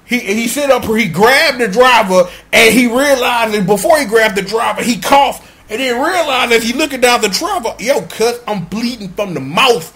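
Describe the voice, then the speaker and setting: Man, high voice, casual recap, slangy, rambling. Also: moderate pace, hardly any pauses, sharp tone. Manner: slang-heavy, rambling, acts out scenes. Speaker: episode commentator.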